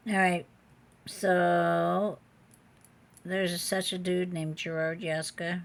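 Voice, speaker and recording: A woman with a fairly low, slightly bright voice sells jewelry in a casual home vlog, filming in a room with the door open. She chats away, mutters to herself, and exclaims often.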